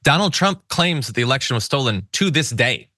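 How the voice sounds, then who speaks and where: A man's voice: medium pitch, big pitch swings, brisk, pushed and bright, no echo, studio quality. A man hosting a political commentary show, talking in an emphatic, indignant way with stumbling restarts. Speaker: host.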